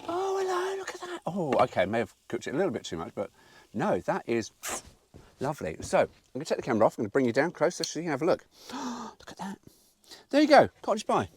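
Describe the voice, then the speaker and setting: A man's voice: medium pitch, big pitch swings, rapid-fire, slight background noise. A man chatting casually to camera while cooking in his campervan, sweary and chatty, sounding tired. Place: inside a campervan. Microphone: camera mic.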